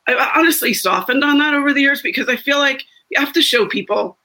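A woman's voice: sits high, fast talker, pushed and bright, poor audio. A woman talking reflectively in a casual group chat over a video call, with many restarts. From United States. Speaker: guest.

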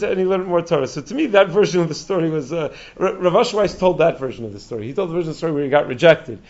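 A man telling stories in a Torah talk, animated, chuckling and often restarting his sentences. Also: high-pitched. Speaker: speaker giving a Torah talk. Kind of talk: storytelling talk. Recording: dull lo-fi recording.

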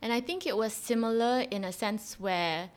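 Woman podcast host, casual animated storyteller. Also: a little high, moderate pace. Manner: chatty, animated retelling with frequent fillers. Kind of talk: casual conversational explanation.

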